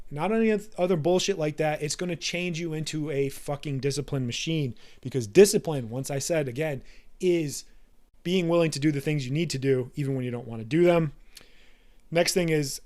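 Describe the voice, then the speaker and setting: A man in his thirties hosting a podcast, giving a blunt, profane and forceful motivational monologue. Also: a little high. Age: 30s. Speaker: podcast host.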